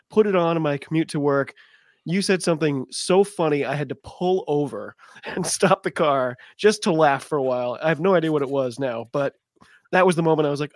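Male podcast co-host, slightly higher pitch, casual anecdotal tone. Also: fairly quick, no room sound, studio quality. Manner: warm tribute, playful storytelling. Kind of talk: casual chat.

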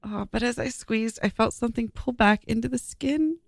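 A woman's voice: a little high, normal speed, vocal fry, dry recording, studio quality. A young woman co-hosting a casual podcast, reading an article aloud and groaning and swearing in disgust as she goes. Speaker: podcast co-host.

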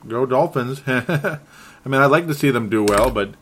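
A man's voice: medium pitch, normal speed, fairly bright tone. A man hosting a solo sports talk show, sounding frustrated and rambling, often stumbling and correcting himself. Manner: restarts and self-corrections. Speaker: sports podcast host.

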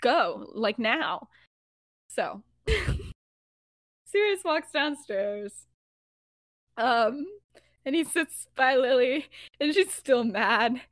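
A woman's voice: high voice, animated, drawn-out words, long pauses, no room sound, studio quality. Giggly young woman retelling a story. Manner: chatty, giggly, lots of fillers. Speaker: podcast host. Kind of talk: casual storytelling of fan fiction.

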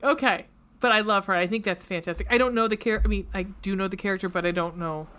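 A woman's voice: medium pitch, quick pace, fairly bright tone. A woman co-hosting a casual chat, enthusiastic, swearing freely and laughing often. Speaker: podcast co-host.

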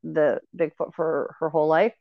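Woman guest, lowish voice, earnest rambling storyteller, lo-fi dry recording. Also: level tone, normal speed, creaky, no echo. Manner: earnest, rambling with fillers and restarts. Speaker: guest sharing paranormal experiences. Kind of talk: casual conversational storytelling. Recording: dry, dull lo-fi audio.

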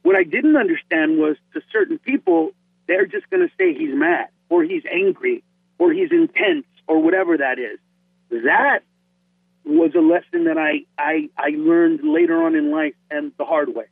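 A man's voice: on the high side, normal speed, creaky, breathy edge, no echo, phone-quality sound. A man from Honduras, a comedian, talking animatedly in an interview and often repeating words as he gets going. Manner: animated, excitable, repeats words when starting. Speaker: comedian guest. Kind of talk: podcast interview chat.

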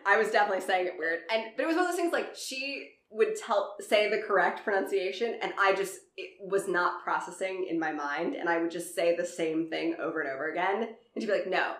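A woman with a Southern accent co-hosting a casual true-crime podcast. She swears a lot, laughs often and talks in an animated way. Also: mid-range voice, fairly quick, hardly any pauses, echoey room. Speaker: podcast co-host.

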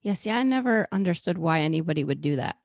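A woman's voice: on the low side, expressive, quick pace, creaky, a little mellow, no room sound. Skeptical woman co-host, dry sound. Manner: skeptical, questions and pushes back. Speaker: fitness podcast co-host. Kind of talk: casual chat.

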